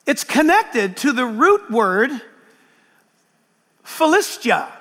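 A man, a pastor, preaching a sermon in an animated, joking way that bursts into shouts. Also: extremely high pitch, slow. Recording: long hall reverb.

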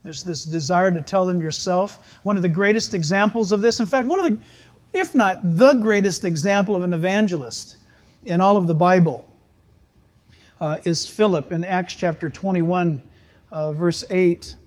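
Older male pastor, high voice, lively storytelling sermon delivery. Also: normal speed. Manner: animated, jokey storyteller with rising excitement.

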